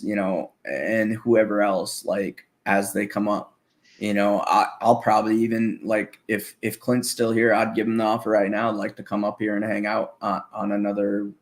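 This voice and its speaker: A man's voice: on the low side, flat delivery, normal speed. A man chatting casually as a guest, rambling and swearing freely, laughing often. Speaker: guest musician. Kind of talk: casual profane chat.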